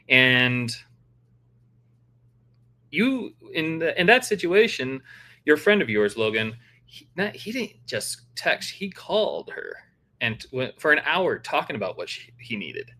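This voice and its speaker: Man telling a relaxed anecdote. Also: mid-range voice, moderate pace. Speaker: podcast co-host. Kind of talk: casual podcast chat.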